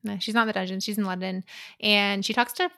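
Young woman chatting about a book, bright sharp voice, dry sound. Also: mid-range voice, steady tone, quick pace, vocal fry, no echo. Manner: chatty, tries out character voices and accents. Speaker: podcast co-host. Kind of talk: casual book chat.

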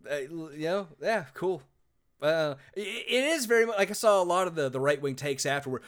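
Brief: male podcast host, lively up-and-down voice, slightly high, chatty and rambling. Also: fairly quick. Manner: animated, laughing, rambling. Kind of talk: casual chat.

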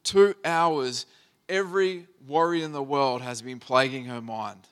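A man's voice: mid-range voice, unhurried, a bit bright, clean tone. A man in his thirties, a pastor, preaching a sermon by telling a personal family story in a conversational, earnest way.

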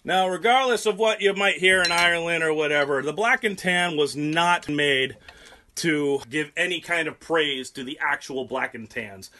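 A man's voice: a little high, pushed and bright. A young man hosting a podcast, rambling through history in casual talk, profane and sarcastic. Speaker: podcast host.

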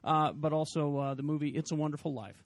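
A man's voice: on the high side, quick pace, noisy background. Rambling man hosting a podcast. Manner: rambling, filler-heavy, mock-dramatic reading. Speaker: podcast host. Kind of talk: casual group banter.

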